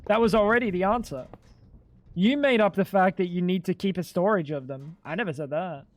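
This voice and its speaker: A man's voice: high-pitched, a little fast. A man streaming a game in casual chat, explaining things bluntly and with some exasperation, swearing freely. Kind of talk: casual livestream chat while gaming.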